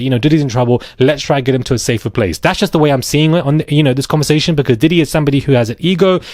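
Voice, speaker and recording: A man hosting a commentary channel, giving rapid, animated opinions with sarcastic asides. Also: medium pitch, dry recording, studio quality.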